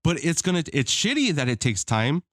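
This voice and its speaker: A man's voice: a little high, very animated, brisk, fairly bright tone, no echo, studio quality. A man co-hosting a podcast, pushing back insistently in a heated casual debate and swearing freely. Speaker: podcast co-host.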